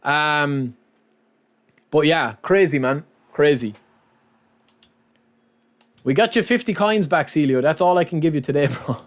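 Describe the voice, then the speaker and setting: Streamer guy, kinda high voice, talks to chat, lots of lads and man. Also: lively intonation, measured pace, long pauses. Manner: chatty, says lads and man often. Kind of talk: casual live-stream chat.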